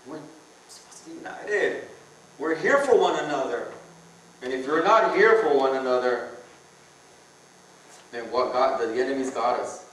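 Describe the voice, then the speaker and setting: A man with a medium-pitched, fairly bright voice preaches a sermon at a church men's conference before a live audience. His delivery is earnest and conversational, with repeated phrases. The church hall is very echoey, the mic is far away, and there's slight background noise.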